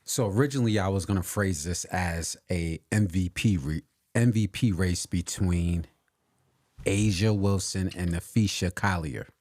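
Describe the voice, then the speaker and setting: Deep-voiced man leading podcast chat. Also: a little slow, a little mellow, no echo. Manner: leads topics, emphasizes stats. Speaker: podcast co-host. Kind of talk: casual sports chat.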